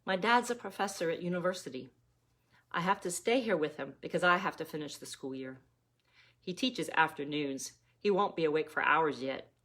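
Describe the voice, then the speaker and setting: Woman doing a soft-spoken British schoolboy. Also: deep voice, moderate pace. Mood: quiet. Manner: soft, calm and gracious. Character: quiet polite British schoolboy, about ten.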